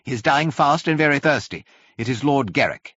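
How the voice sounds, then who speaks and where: A man's voice: on the high side, big pitch swings, measured pace, no room sound, muffled recording, voice pushed up. A man doing a desperate young man begging for water. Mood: urgent. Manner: urgent, pleading. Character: urgent young man in a panicked crowd.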